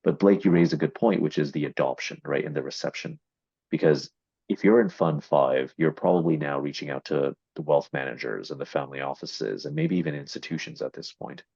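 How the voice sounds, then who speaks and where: A man's voice: very deep voice, brisk, vocal fry, a little mellow, breathy edge, dry recording. A man explaining AI marketing in a business discussion, with many fillers and repeated words. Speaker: AI investment marketing executive. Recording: dull, dry lo-fi audio.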